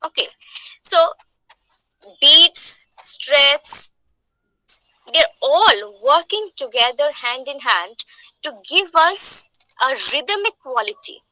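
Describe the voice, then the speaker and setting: A woman's voice: high-pitched, expressive, takes it slowly, long pauses, bright, forceful tone, no room sound, rough recording. A woman from India with an Indian English accent, teaching a class. She explains patiently, repeats her points and asks the students questions. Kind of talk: online lecture.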